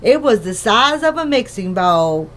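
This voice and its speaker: A woman reading a children's book aloud in a gentle, unhurried storybook manner. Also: mid-range voice, sing-song. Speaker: narrator.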